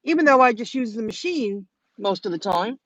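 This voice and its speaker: A woman's voice: a little high, animated, moderate pace. A woman telling a story in a chatty, rambling way on a live stream, talking straight to her viewers from her car. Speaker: vlogger hosting a live stream. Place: in her car while driving.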